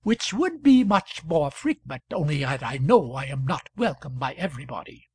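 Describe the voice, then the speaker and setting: A woman's voice: low-pitched, big pitch swings, moderate pace, darkish tone, husky, no echo, full character voice. A man doing a prim, fussy spinster. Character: prim fussy spinster friend, easily shocked. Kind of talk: audiobook character voice.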